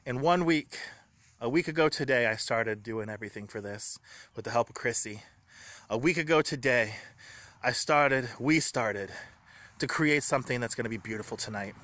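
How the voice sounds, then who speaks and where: A man vlogging from home, talking in an earnest, rambling, grateful way, excited and a little shaky. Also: mid-range voice, normal speed, no room sound. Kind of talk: emotional personal vlog.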